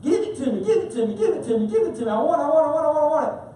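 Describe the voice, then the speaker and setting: A man's voice: extremely high pitch, sing-song, rapid-fire, warm tone, pitched above the performer's own voice. A man voicing a greedy two-year-old child who whines and demands things over and over. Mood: whiny demanding. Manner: demanding, repetitive whining. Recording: echoey church hall from far off.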